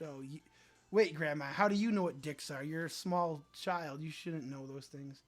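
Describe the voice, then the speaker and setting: A male livestream host speaks at normal speed over faint background music. Low-key and dry, he reads viewer comments aloud and reacts to them casually.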